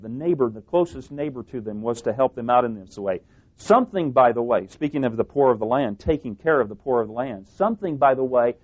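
A man delivers a sermon in an emphatic way, circling back over his own phrases and correcting himself mid-sentence. His voice sits at an ordinary middle pitch. The recording sounds a little dull and lo-fi. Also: darkish tone. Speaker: preacher.

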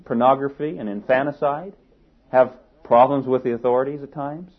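Husky preacher on a tinny recording. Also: male voice, mid-range voice. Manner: rhetorical questions, building to emphatic peaks. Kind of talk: sermon. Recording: tinny phone-like sermon recording.

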